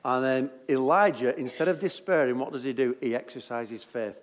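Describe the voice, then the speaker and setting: Jokey preacher. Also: male voice, medium pitch, normal speed, in a large hall. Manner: jokey, conversational, lively. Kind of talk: sermon.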